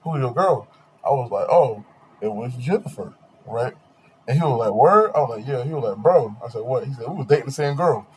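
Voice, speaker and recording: A young man hosting a podcast, telling a long dating story in slangy, animated casual chat with quoted voices. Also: mid-range voice, a little fast, a little hiss or hum. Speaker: podcast host.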